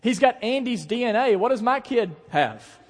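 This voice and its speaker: A man preaching a sermon as a pastor, in a conversational, animated way, telling stories and asking the congregation questions. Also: very high voice, moderate pace, big-room sound. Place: church sanctuary.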